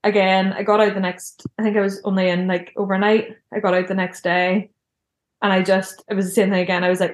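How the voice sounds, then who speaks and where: A woman's voice: mid-range voice, little pitch movement, brisk, reverberant. A young woman telling a personal story in a casual, chatty way, filling her speech with "like". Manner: chatty, heavy use of "like" fillers.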